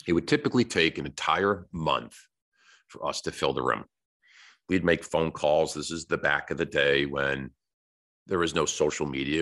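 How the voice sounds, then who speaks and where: An American podcast host with a rumbling low, slightly bright voice gives a blunt, direct motivational talk on sales, drawing on stories from his own work.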